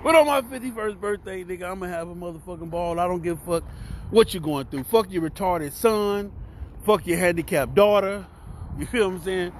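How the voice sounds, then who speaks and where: A fifty-one-year-old man with a Southern US accent ranting casually to camera from a cheap hotel room, loud and profane, swinging between shouting and mumbling. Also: sits high, a little fast, slight background noise. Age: 50s. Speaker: vlogger and podcast host. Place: cheap hotel room near train tracks.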